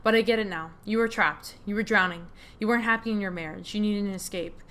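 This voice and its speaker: A woman voicing a hurt, angry young woman confronting her family, read in a steady, bitter tone while playing a game. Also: medium pitch, fast, natural voice. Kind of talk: reading game dialogue aloud.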